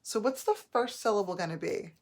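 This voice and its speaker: A woman teaching a phonics lesson, sounding out words slowly and clearly, syllable by syllable. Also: mid-range voice, expressive, a little mellow.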